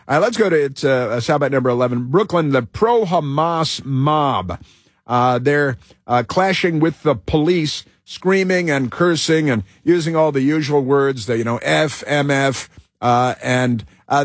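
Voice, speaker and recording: A man's voice: mid-range voice, dry recording, clean studio sound. A man hosting a political talk radio show, delivering an emphatic, rambling monologue full of fillers and restarts.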